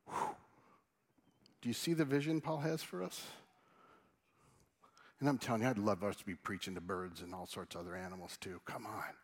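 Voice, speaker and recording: A man preaching a sermon and leading a prayer as pastor, earnest and pleading, his voice dropping soft and low as he prays. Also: brisk, pauses often. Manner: animated, rising questions to the congregation.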